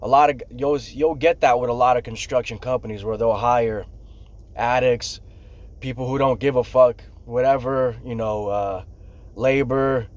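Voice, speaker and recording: A middle-aged man who works in construction, telling a casual, profane story and acting out what people said, loud and animated. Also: mid-range voice, normal speed. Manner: profane, animated storyteller, acts out shouts and quotes. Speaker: construction worker telling stories.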